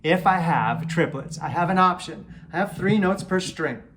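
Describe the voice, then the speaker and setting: A man's voice: a little high, animated, normal speed, slight background noise. A man giving a casual guitar lesson, explaining an exercise and counting beats aloud as he plays. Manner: counts beats and chants "triplet" loudly over playing. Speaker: guitar teacher. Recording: guitar playing under the voice.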